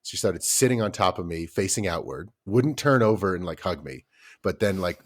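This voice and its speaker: A man's voice: sits low, normal speed. A man in his thirties, a podcast co-host chatting casually and acting out his children's voices as he tells stories. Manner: animated storyteller, acts out his kids' voices. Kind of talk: casual chat.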